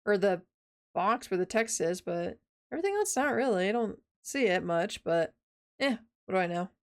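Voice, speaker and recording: A woman's voice: medium pitch, sing-song, moderate pace. Chatty young woman streamer. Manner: chatty, self-mocking, loose slang. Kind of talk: casual let's-play commentary, reading game text aloud.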